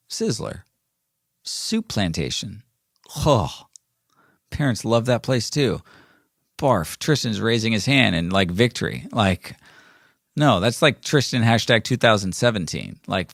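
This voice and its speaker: A man's voice: mid-range voice, fairly bright tone, no room sound, clean studio sound. Rambling, playful man in his forties. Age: 40s. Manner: rambling and playful, with frequent fillers and self-corrections. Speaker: podcast host. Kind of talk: casual solo podcast monologue.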